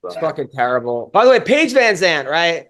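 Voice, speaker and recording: A man's voice: fairly high pitch, very animated, moderate pace, a bit bright. A man hosting a podcast, telling stories in casual chat with constant swearing, restarts and rambling. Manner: profane, rambling storytelling with many restarts. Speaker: podcast host.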